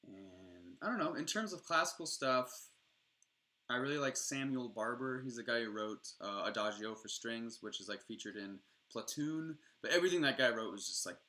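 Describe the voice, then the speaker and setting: A man's voice: medium pitch, expressive, normal speed, pushed and bright. A young adult man streaming, rambling casually and enthusiastically with frequent swearing.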